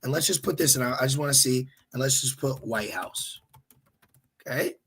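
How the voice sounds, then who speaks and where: A man teaching his listeners informally while searching online, animated and exhorting, repeatedly checking with "okay?". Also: mid-range voice, moderate pace, vocal fry, breathy edge. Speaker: religious teacher.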